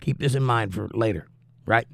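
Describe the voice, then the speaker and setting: Studio-quality audio with no echo captures a man with a mid-range, creaky voice talking at a moderate pace. He hosts a livestream, reading chat messages aloud and responding with wry teasing in casual chat, while coughing and out of breath from recovering flu.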